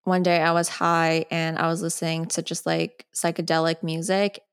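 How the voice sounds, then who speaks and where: A woman's voice: low voice, flat delivery, moderate pace, smooth. Chatty young woman podcasting solo. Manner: chatty, sidetracked, frequent "like". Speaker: podcast host. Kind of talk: casual solo podcast talk.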